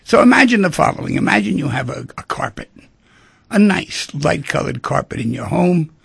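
This time the host's voice is a little high and sing-song, creaky, a bit bright and breathy, at a normal speed with no echo. He muses on relationships and emotions, slipping into small dramatized exchanges.

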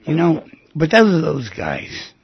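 A man hosting a call-in advice radio show, talking in an animated, emphatic way with storytelling asides. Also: fairly high pitch, unhurried, dry recording. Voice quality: very husky, gravelly voice. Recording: dull, lo-fi radio audio.

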